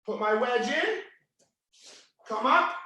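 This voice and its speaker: A man teaching a live online jiu-jitsu class, yelling his coaching cues as he walks students through each move. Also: extremely high pitch, expressive, slow, heavy reverb.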